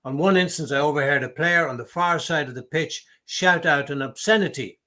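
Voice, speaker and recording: A man's voice: on the high side, brisk, bright, forceful tone. A man co-hosting a casual refereeing discussion, chatting and reading out viewer messages. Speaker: co-host.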